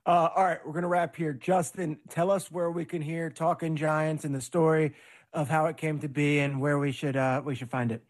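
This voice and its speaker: A man's voice: fairly high pitch, level tone, moderate pace. A man hosting a sports podcast and asking his guests questions. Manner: laughs along, wraps up segments. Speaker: podcast host. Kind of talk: casual interview.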